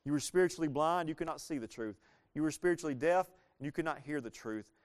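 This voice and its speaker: A man's voice: a little high, quick pace. A man preaching a sermon as pastor, earnest and emphatic, asking the congregation rhetorical questions and repeating phrases for weight.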